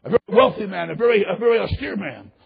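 A man preaching a sermon and leading an altar call, swinging from hushed, quiet passages to shouted, impassioned climaxes. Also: high voice, lively intonation, quick pace, vocal fry. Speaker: pastor. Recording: dull lo-fi recording.

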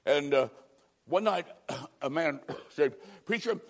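A male preacher with a high, expressive voice delivers a fiery sermon. His dramatic style swings between loud declarations and hushed, drawn-out phrases, and he slows down to drive his points home.

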